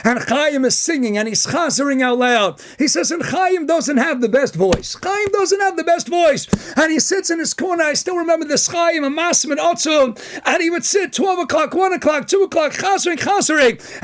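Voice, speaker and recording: A man, a rabbi from the United States, giving a Torah lecture in an animated way, firing off rhetorical questions. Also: very high-pitched, moderate pace, a little hiss or hum.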